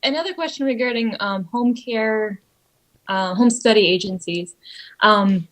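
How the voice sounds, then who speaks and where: Woman, mid-pitched voice, plain questions, small laughs, video call. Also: a little slow, fairly bright tone, rough recording. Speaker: prospective adoptive parent asking questions. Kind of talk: casual video call conversation.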